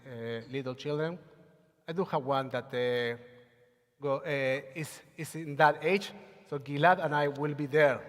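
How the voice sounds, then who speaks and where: A man's voice: a little high, a little slow. Man leading a service in a reverberant hall. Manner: chants Hebrew prayers, talks with many hesitations. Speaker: service leader. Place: synagogue sanctuary. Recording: long hall reverb on a livestream.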